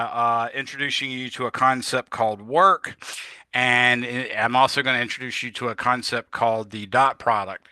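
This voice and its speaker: Bright, crisp-voiced male physics lecturer. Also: medium pitch, no echo. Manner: rambling, self-correcting, relaxed with filler words. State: yawning, a bit tired. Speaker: physics instructor. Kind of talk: casual classroom lecture.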